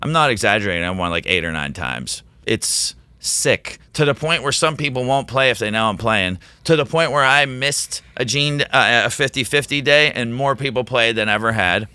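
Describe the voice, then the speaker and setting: A man who teaches, telling a rambling, excitable story as a podcast guest. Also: medium pitch, normal speed, few pauses, clear, resonant tone, dry recording. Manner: rambling, excitable, quotes himself in animated voices. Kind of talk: casual storytelling in a podcast interview.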